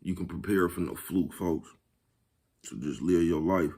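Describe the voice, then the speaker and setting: In an unhurried, low voice with a darkish tone, a man vlogs casually to his viewers. His monologue to camera is easygoing and repetitive, punctuated by laughter at his own jokes.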